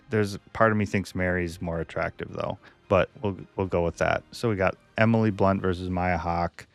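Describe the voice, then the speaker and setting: A man hosting a casual video, thinking aloud in a chatty, hesitant way. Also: deep voice. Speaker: video host. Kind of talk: casual chat.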